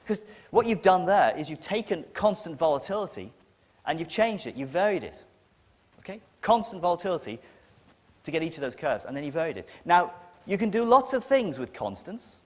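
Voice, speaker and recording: A man's voice: on the high side, sing-song, brisk. Sardonic northern English man lecturing. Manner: emphatic, sardonic, blunt. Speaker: conference speaker. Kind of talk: lecture to an audience. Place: lecture hall with an audience. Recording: long reverb of a lecture hall.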